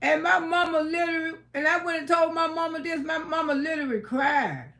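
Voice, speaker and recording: Older lady on a livestream, high voice, blunt and emotional, cusses a lot. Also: fairly quick, gravelly, a bit bright. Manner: emotional, outspoken, swears freely. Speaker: livestream host. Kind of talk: casual livestream storytelling.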